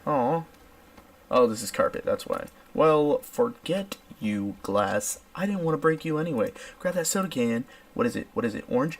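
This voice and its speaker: A man's voice: medium pitch, moderate pace, vocal fry, recorded from a distance. A young man hosting a let's play video, joking and mock-dramatic while he plays. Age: young adult. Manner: jokey, animated, mock-dramatic. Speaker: gaming video host.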